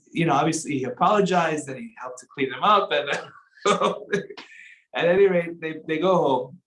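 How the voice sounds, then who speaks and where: A man's voice: on the high side, echoey room, rough recording. A man giving a conversational sermon in a synagogue, mixing in Hebrew terms as he tells a story. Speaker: rabbi.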